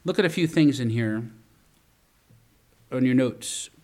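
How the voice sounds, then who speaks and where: A man's voice: medium pitch, expressive, takes it slowly, a little mellow. Earnest preaching man. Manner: earnest, storytelling, with stumbling restarts. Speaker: pastor. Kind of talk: sermon.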